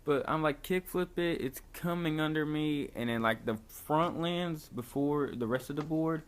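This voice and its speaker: Faint background noise accompanies a young vlogger casually recounting a story. His voice is on the high side at a normal speed, and he's laid-back, dropping "like" often and swearing freely.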